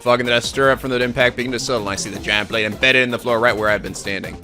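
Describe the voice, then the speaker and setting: A man hosting a let's play, reading the game's text aloud with animated, laughing asides. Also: medium pitch, racing, faint music behind.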